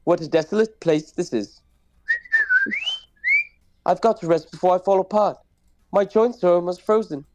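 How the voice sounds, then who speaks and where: A man's voice: high voice, normal speed, long pauses, warm tone, slight background noise, voice pushed up, lightly acted. A man voicing a fussy, anxious male protocol robot who frets, complains and speaks primly. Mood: fretful. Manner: prim, fretful, complaining.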